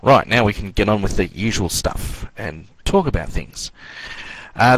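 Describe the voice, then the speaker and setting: A man teaching an online networking class in a relaxed, rambling way with many fillers. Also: on the low side, rough recording. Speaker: networking course instructor.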